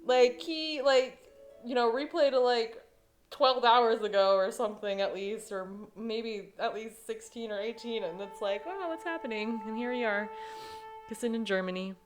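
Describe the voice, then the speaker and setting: A woman's voice: fairly high pitch, normal speed, faint music behind. A woman hosting a gaming channel, gushing and giggling through her playthrough commentary and saying "like" often.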